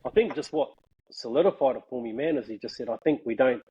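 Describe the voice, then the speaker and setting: A man's voice: mid-range voice, quick pace, mellow, husky, lo-fi sound. A man telling a story in casual chat, laughing often and saying "bro" a lot. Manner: laughing, slangy, peppers speech with "bro". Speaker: guest.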